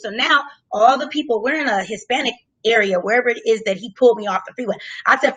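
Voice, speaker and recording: Animated, high bright-voiced woman storyteller. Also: quick pace, hardly any pauses, slightly rough, rough recording. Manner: animated, profane, acts out her own lines loudly. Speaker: guest telling a story. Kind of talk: casual storytelling.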